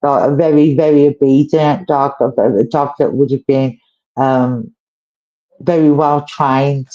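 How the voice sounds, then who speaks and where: A woman gives a live mediumship reading at a very slow, unhurried pace. Her phrasing is halting and repetitive, full of soft questions to the sitter. The stream audio is muffled and lo-fi. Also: extremely low pitch, little pitch movement. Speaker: psychic medium.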